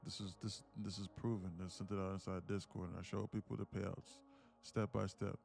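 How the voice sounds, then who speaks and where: A man from with a gravelly voice, boasting about his trading and bantering with viewers on a live stream from his home apartment. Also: sits low, little pitch movement, moderate pace, darkish tone. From Atlanta, USA. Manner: boastful, teasing banter with chat. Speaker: day trader streamer.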